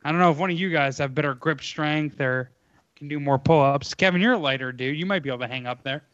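A man's voice: a little high, fast talker, fairly bright tone, dry recording. A man in casual podcast chat, laid-back and teasing, on a dull, lo-fi mic.

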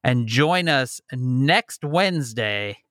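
A man's voice: mid-range voice, expressive, a bit bright, no echo. A man co-hosting a podcast from his basement, chatting casually and reeling off plugs with dry humor. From Chicago. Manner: wry, rattles off plugs quickly. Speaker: podcast co-host. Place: home basement.

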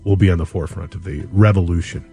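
A man's voice: sits low, fairly even intonation, fast talker, creaky, warm tone, faint music behind. A man playing a rambling male psychic with a thick Minnesota accent, full of hesitant uhs. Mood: confident. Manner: hesitant, lots of uhs, chuckling. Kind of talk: improvised comedy sketch.

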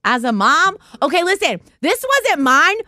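A bright, high-pitched woman telling funny stories in casual chat. Her voice swings widely as she acts out what others said, and she breaks into laughter a lot. The sound is close and dry. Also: a little slow, no echo. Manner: animated, laughing often, acting out quotes. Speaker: podcast host. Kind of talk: casual live-stream storytelling.

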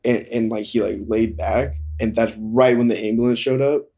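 A young man candidly telling a hard personal story in conversation, halting and full of fillers. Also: mid-range voice, steady tone, dark tone. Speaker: guest.

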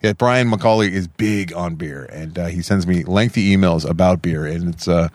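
A man's voice: low-pitched, normal speed, a little mellow, dry recording. A man co-hosting a podcast, chatting casually in a rambling, self-deprecating way and swearing freely. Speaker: podcast co-host. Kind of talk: casual chat.

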